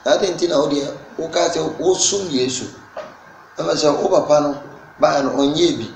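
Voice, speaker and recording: A man speaking as an interview guest at an ordinary pitch. He pushes his points hard, his voice climbing and getting louder. The room is echoey, with a faint noise underneath. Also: normal speed, gravelly. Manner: emphatic, rising and loud when making points. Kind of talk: casual interview in Twi.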